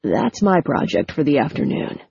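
A woman reading an easygoing young man, light and good-humored, in a low mellow voice. The recording is dry and a little dull. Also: big pitch swings, moderate pace, creaky, breathy edge, no echo, heavily acted.

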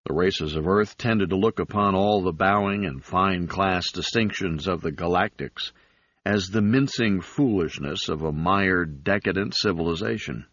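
A man narrating an audiobook in a steady, even reading. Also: deep voice, normal speed, no room sound. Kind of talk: scripted narration. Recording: slightly dull recording.

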